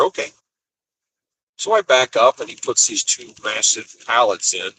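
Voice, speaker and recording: Exasperated man, bright voice. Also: medium pitch, big pitch swings, normal speed, slight background noise, low-quality recording. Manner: exasperated storytelling, acts out quotes. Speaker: expedite van driver. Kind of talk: casual driving vlog monologue. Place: inside a cargo van on the highway.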